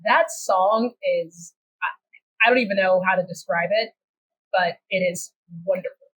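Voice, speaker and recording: A woman's voice: medium pitch, unhurried, a bit bright, a little hiss or hum, rough recording. A woman with a Texan accent hosting a podcast, moving from a scripted welcome to upbeat, chatty conversation. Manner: upbeat, chatty, trails into restarts. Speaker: podcast host. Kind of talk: hosting a podcast, scripted intro then casual chat.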